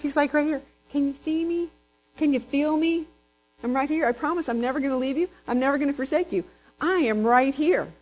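A woman preaching a sermon, animated and conversational, breaking into high excited voices when she quotes people. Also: poor audio.

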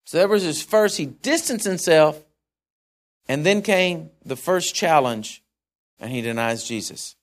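A man delivers an informal sermon, thinking out loud and restarting his sentences as he goes. His voice is slightly high and very animated in pitch. He switches readily between reading a passage and musing on it. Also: a little slow. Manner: animated, conversational, musing aloud with self-corrections. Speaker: preacher.

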